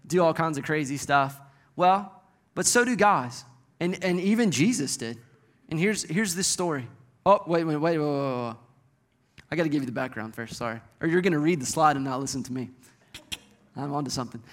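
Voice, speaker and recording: High-voiced joking preacher man. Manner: folksy, joking, animated preaching. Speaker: pastor. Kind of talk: sermon.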